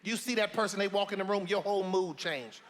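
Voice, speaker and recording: An actor playing a blunt, preachy elderly grandmother with a loud, sassy drawl full of folksy sayings. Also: high voice, fast talker, in a large hall, natural voice. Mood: earnest preaching. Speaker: advice-giving matriarch. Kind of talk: film comedy-drama acting.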